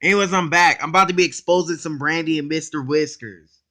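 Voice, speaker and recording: A man hosting a casual reaction video, excitable and blunt, talking in slang straight to his viewers and cutting in often to comment. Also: on the high side, fast. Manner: excitable, blunt and profane, keeps interrupting with "hold up".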